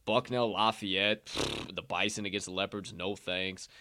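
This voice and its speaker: A man's voice: fairly low pitch, fairly even intonation, a little slow, sharp tone, slight background noise. Profane, worked-up podcast man. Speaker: sports betting podcast host. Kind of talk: casual chat. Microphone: podcast microphone.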